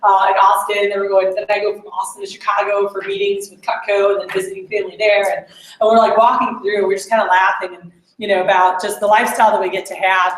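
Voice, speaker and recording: A woman leading a meeting, telling stories in a casual, chatty way with lots of fillers. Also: medium pitch. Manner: chatty storytelling with many fillers. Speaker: sales team leader addressing a meeting. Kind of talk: casual motivational talk. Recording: echoey room.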